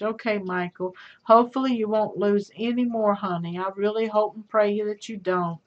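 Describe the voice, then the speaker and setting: A woman's voice: medium pitch, steady tone, normal speed. A middle-aged woman hosting a livestream, chatting with viewers and reading their comments, calling them sweetheart and honey. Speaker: livestream host. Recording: dull lo-fi stream audio.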